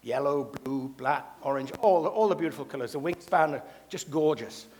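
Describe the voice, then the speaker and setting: A man's voice: medium pitch, normal speed, a little mellow. A man hosting a variety show, telling jokes on stage and introducing acts with a showman's flair. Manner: showman, playful. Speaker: emcee. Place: stage in a hall. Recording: long hall reverb.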